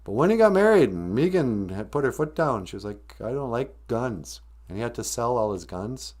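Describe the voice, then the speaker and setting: A man's voice: mid-range voice, sing-song, brisk, darkish tone. Guy ranting on his podcast livestream, sarcastic and grumpy, voice bouncing up and down a lot. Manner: sarcastic, rambling, mock-grumpy. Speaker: podcast host. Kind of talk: comedic rant on a live stream.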